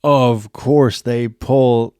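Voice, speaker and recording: A man hosting his own channel, giving a casual, rambling and excited episode recap full of "like" fillers. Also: mid-range voice, extremely slow, clean tone, no room sound, clean studio sound. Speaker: channel host reviewing a TV episode. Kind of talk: casual video review recap.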